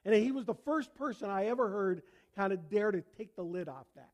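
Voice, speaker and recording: An older pastor with a Canadian accent delivers a sermon, his voice sitting high for a man. He talks conversationally, slipping in jokes and inviting the congregation to answer back. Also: normal speed, few pauses, a little mellow. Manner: conversational, joking, asks congregation to respond. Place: church before a congregation.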